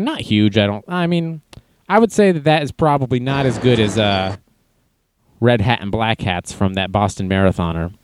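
A man's voice: on the high side, a little mellow, no room sound. A man casually reading news aloud and adding wry, jokey asides as an online commentator.

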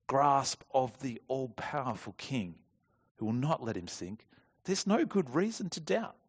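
Male preacher, mid-pitched, earnest expository sermon delivery. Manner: earnest, expository, with small restarts and rhetorical questions.

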